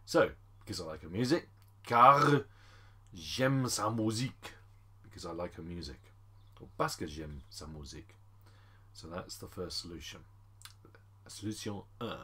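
A man teaching French phrases in a chatty lesson, calling the class ladies and gents and slowing down for each French phrase. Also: deep voice, lively intonation, breathy edge. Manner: slows down to spell out French phrases. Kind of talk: screen-recorded language lesson.

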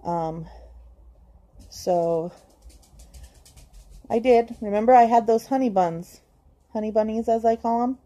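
Slow and full of pauses, a mellow, fairly high-pitched woman talks to her audience in a personal vlog. She comes across as hesitant yet sincere, using many ums and restarting often as she tries to encourage herself.

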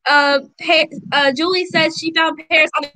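Bright, chatty young Southern woman. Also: high voice, fairly even intonation, moderate pace, no room sound, low-quality recording. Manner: chatty, reads viewer comments aloud. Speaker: co-host reading live comments. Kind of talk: casual livestream chat.

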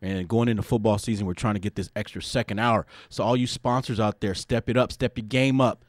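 A man's voice: on the low side, steady tone, brisk, dry recording. A man hosting a sports talk radio show, brash and opinionated, tacking "man" onto his sentences. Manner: brash, ends phrases with "man".

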